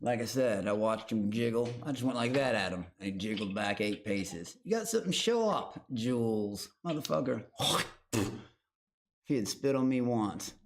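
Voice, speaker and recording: A man reacts to a show on his livestream in a loose, rambling way. He swears constantly and mocks his chat in a sneering tone. His voice sits in an ordinary middle pitch. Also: expressive, normal speed, a little hiss or hum. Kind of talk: casual livestream commentary.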